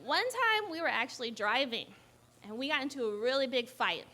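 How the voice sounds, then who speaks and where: A young woman telling a personal story live, animated and often laughing as she talks. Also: sits high, a little fast, slight background noise.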